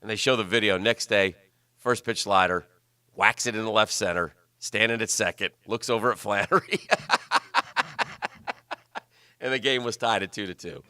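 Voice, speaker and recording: A bright, forward-sounding male voice in close, dry studio sound. He chats loosely about the game, rambling and restarting his sentences. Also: on the low side, a little fast, smooth, dry recording. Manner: rambling, chatty, many restarts. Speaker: sports radio host. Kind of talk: casual sports talk.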